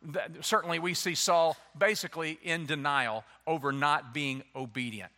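A man preaching a sermon as a pastor, animated and slipping into playful voices to act out excuses. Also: fairly high pitch, moderate pace. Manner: animated, acts out quoted excuses in changing voices.

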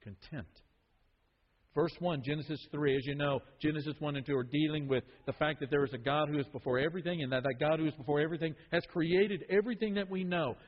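High-voiced man preaching in a reverberant hall. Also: fairly even intonation, fast, hardly any pauses. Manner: emphatic, repeats phrases, swings from loud to hushed. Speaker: pastor. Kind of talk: sermon. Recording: dull sound with long reverb in a hall.

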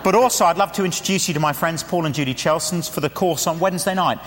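A man preaching a sermon, earnestly pleading and slowing down gently to lead a prayer. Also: fairly high pitch, a little hiss or hum. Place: church. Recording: church hall reverb.

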